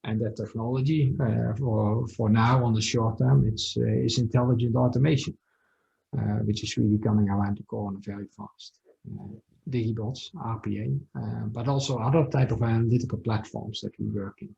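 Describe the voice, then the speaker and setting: A company founder talks through his work in an interview, full of pauses and filler sounds. His voice is mellow with a gravelly fry. The call audio is dull and lo-fi. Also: on the low side, steady tone. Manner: hesitant, many fillers. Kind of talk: business interview.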